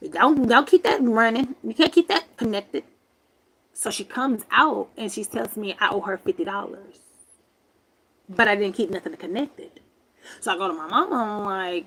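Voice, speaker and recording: A woman in her forties telling a story on a livestream from her grandmother's home, animated and emphatic, swearing freely. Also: medium pitch, normal speed, breathy edge. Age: 40s. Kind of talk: casual storytelling rant.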